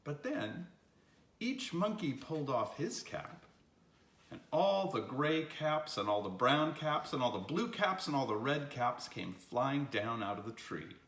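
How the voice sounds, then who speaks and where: An older man reading a children's picture book aloud with an expressive, storytelling delivery. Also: medium pitch, unhurried. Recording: roomy echo.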